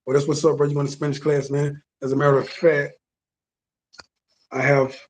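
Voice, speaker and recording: A man from the United States with a deep voice, talking casually and emphatically to his viewers, often repeating words and asking if they understand. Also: little pitch movement, moderate pace. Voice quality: deep, bassy voice. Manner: emphatic, repeats words, stops for "you understand what I'm saying". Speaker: vlogger.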